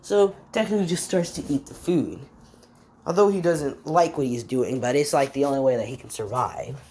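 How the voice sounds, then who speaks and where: Low voiced woman making up a fan story as she goes, lots of uh and basically, forgets names, bit of hiss behind. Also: normal speed, dark tone. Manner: rambling, many fillers, forgets names mid-sentence. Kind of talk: improvised fan-story narration.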